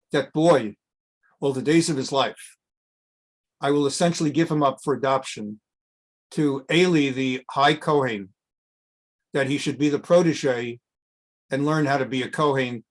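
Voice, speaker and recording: A middle-aged man teaching a casual Bible class as a rabbi, wandering into jokes and reading Hebrew phrases before translating them. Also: mid-range voice. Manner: chatty, digressive, tells jokes, reads Hebrew then translates. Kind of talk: informal scripture lesson.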